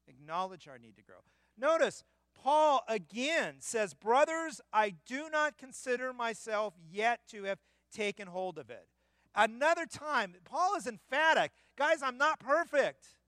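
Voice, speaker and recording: A man preaching a sermon in a church, emphatic and building to loud peaks. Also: high voice, clear, resonant tone, dry recording. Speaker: pastor.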